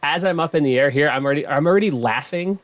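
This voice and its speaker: A man's voice: fairly high pitch, fast, dry recording. A man hosting a podcast, chatting casually and explaining ideas to the audience in a conversational way. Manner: conversational, explaining, reassuring asides. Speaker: podcast host. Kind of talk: casual interview chat.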